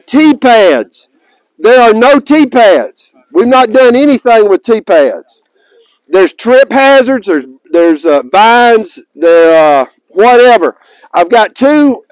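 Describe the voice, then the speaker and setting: A man's voice: sits high, dry recording, low-quality recording. A man, a tournament director giving folksy, joking announcements to players outdoors in a park, raising his voice to carry.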